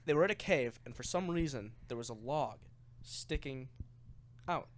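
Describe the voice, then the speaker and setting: A man's voice: medium pitch, moderate pace, slight background noise. A young man casually telling a rambling tabletop game story on a podcast, getting worked up and swearing as it goes. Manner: rambling, animated, swears when excited.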